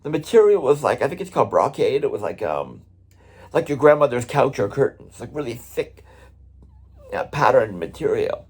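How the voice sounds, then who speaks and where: Husky, animated middle-aged man telling a story. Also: mid-range voice, normal speed. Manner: animated, conversational, swears casually. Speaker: drummer and vlog host. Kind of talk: casual storytelling vlog.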